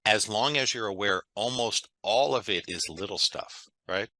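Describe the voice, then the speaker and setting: A man's voice: lowish voice, normal speed, bright, forceful tone, dry recording, poor audio. A man, a guest on an interview, talking in an enthusiastic, conversational way and often checking in with "right?". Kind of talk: interview storytelling.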